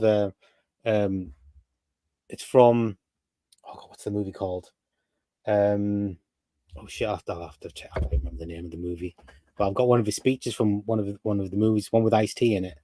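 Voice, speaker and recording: A man's voice: lowish voice, fairly even intonation, a little fast, long pauses, mellow, no echo. A man, hosting a casual chat and running through lists, rambling with restarts. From North East England. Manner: rambling, restarts, runs the list. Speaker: podcast host.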